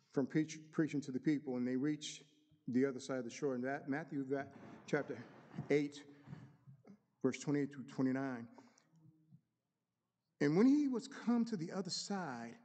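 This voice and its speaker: A man's voice: medium pitch, dark tone. A man preaching a sermon, reading scripture aloud with rising emphasis and stopping now and then to find his notes. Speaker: deacon preaching. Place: church sanctuary. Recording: long reverb of a church hall.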